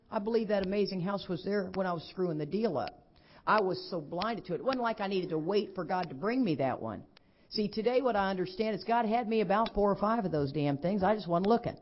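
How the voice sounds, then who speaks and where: A middle-aged woman, giving a lively personal testimony at a recovery convention and acting out what others said. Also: medium pitch, a little hiss or hum. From Texas. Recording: dull lo-fi convention recording.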